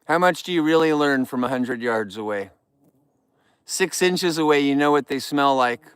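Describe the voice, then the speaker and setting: A man's voice: mid-range voice, expressive, moderate pace, a bit bright, smooth, no echo. A man hosting a casual live vlog outdoors, talking straight to viewers in an upbeat, rambling way. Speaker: outdoor livestream host. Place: outdoors in the wild.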